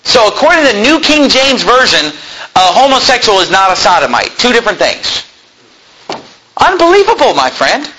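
Husky high-voiced man preaching emphatically. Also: very animated, normal speed, sharp tone, rough recording. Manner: emphatic preaching with rhetorical questions to the congregation. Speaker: pastor. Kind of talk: sermon. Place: church pulpit.

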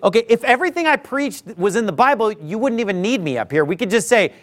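A man's voice: high voice, expressive, fast talker, hardly any pauses, a bit bright. A male pastor delivering an emphatic sermon, preaching hard and mocking his critics in mock voices. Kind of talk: fiery sermon.

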